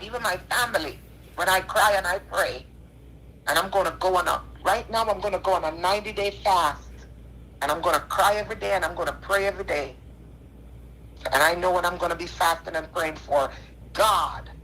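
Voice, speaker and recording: Tearful woman, bright sharp voice, earnest and preachy, repeats herself, faint hiss on a phone line. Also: on the low side. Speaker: caller. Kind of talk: emotional call-in apology.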